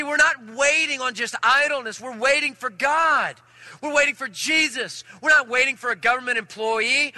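A male pastor with a very high, sharply bright voice tells a story from the pulpit. He is animated, moving between loud and hushed delivery. The sound is dry and close. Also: no room sound. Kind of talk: sermon with personal story.

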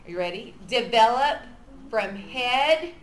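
A woman's voice: on the high side, lively intonation, a little slow, roomy sound, a little hiss or hum. A woman leading an upbeat training workshop for church nursery teachers, coaching and encouraging the group. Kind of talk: energetic training workshop for volunteers. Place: church classroom.

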